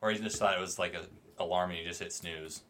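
A man co-hosting a podcast, chatting in a relaxed way with dry remarks. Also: low voice, fast, slight background noise. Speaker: podcast co-host. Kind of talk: casual chat.

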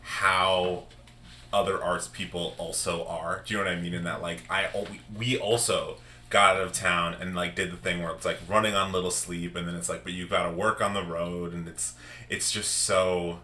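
Low-voiced male podcast host, roomy sound. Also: level tone, normal speed, bright, forceful tone, far from the mic. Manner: loose, filler-heavy, friendly. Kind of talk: casual podcast chat. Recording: roomy echo.

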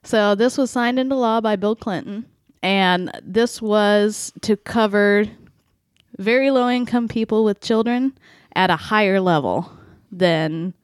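A woman's voice: medium pitch, measured pace, no room sound. Woman, podcast co-host, casual explainer, dry close recording. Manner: explains clearly, step by step, with playful asides.

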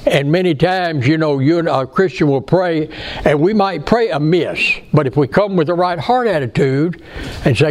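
A man's voice: a little high, moderate pace, a little mellow. A man preaching a sermon in a folksy, earnest way, asking his congregation questions. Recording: faint background noise.

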